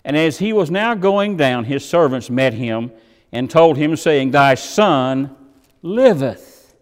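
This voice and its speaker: A man preaching a sermon, dramatically voicing the people he quotes. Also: a little slow. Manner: dramatic, voices quoted characters with swings in pitch and volume. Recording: long hall reverb.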